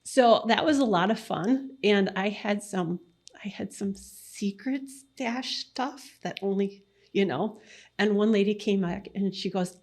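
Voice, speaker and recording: A woman real estate agent chats as a podcast guest at an ordinary middle pitch. She is easygoing and laughs often. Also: measured pace, darkish tone. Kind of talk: casual chat.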